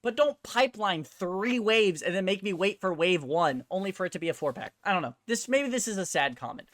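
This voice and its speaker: A woman's voice: medium pitch, fairly bright tone, dry recording. Heated, swearing woman ranting on a vlog. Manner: heated, blunt and profane; emphatic, with rhetorical questions to the viewer. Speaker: host. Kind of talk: ranting toy-collector vlog.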